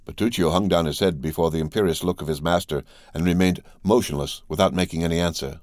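Deep-voiced man reading a classic novel. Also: fairly even intonation, brisk, few pauses, a little mellow, dry recording, clean studio sound. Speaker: audiobook reader. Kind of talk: scripted narration.

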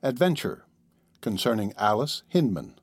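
A man narrating an audiobook in a measured, even reading style. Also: on the low side, no room sound. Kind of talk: scripted narration.

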